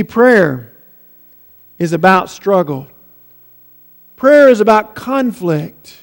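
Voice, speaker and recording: Guy preaching a sermon, really high voice, drops soft then pleads loud, big echoey hall. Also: sing-song, extremely slow, pauses often. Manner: dynamic preaching, swinging from hushed to pleading. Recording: long hall reverb.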